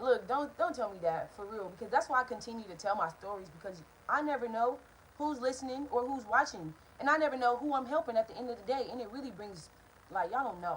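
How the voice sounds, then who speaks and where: A young woman tells a story for her vlog at a quick clip. She is talkative and rambling, blunt and profane, and keeps drifting off topic. She talks straight to her viewers in a casual way. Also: fairly high pitch, a little hiss or hum, poor audio. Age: young adult. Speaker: vlogger.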